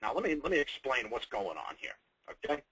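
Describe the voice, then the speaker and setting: A man's voice: mid-range voice, sing-song, brisk, pushed and bright, slightly rough, dry recording, poor audio. A man giving a sales training webinar, emphatic and conversational, repeating his key points with off-the-cuff humor. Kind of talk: webinar presentation.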